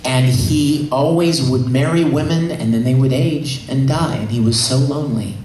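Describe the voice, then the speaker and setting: A man at a convention panel, excitedly and emotionally retelling a story with many restarts. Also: mid-range voice, normal speed, far from the mic. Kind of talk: enthusiastic storytelling. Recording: echoey hall, faint noise.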